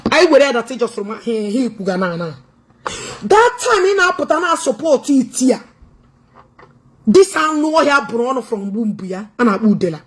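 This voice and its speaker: A woman's voice: fairly high pitch, sing-song, fairly quick, slight background noise. A Nigerian woman with an Igbo accent giving a taunting, confrontational commentary vlog, switching between languages and scolding her target. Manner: taunting, confrontational, loud and teasing. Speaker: online commentator. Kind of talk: mocking commentary vlog, mixing Igbo, English and Pidgin.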